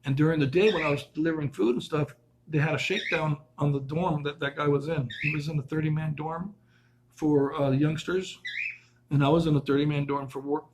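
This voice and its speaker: A man's voice: a little high, gravelly, slight background noise. A man casually telling a rambling, earnest story in a vlog, often restarting his sentences and acting out what other people said. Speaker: vlogger telling a prison story. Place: his van.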